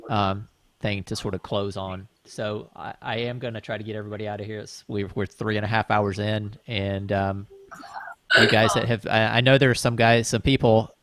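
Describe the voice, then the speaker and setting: A man hosting a livestream panel discussion over a video call, wrapping things up in a relaxed, appreciative way. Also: lowish voice, normal speed, no room sound. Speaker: host and moderator.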